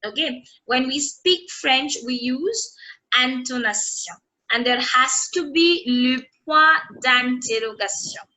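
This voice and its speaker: A woman's voice: high-pitched, slow, sharp tone, poor audio. A woman teaching French in an online lesson. She repeats her example sentences and often checks that her students are following.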